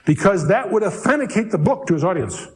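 Male Bible teacher, slightly high voice, conversational lecture with dry humor and slow, deliberate scripture readings. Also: animated, low-quality recording. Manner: conversational, wry asides, reads scripture slowly and deliberately.

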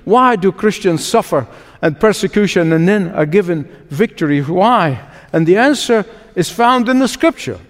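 A man preaching a sermon, slow and emphatic, asking rhetorical questions and quoting scripture. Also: high voice, expressive. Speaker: pastor. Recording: long hall reverb with faint music.

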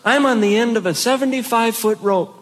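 A man performing a stand-up comedy routine, telling stories in an animated way with bursts of shouting. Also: very high voice, brisk. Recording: noisy recording.

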